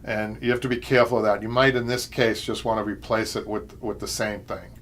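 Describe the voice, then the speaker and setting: A man's voice: on the low side, flat delivery, a little fast, fairly bright tone, slight background noise. Chatty Boston-accented man hosting. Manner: chatty, rambling, laughs often. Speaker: upholstery show host. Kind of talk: live-stream chat reading viewer comments.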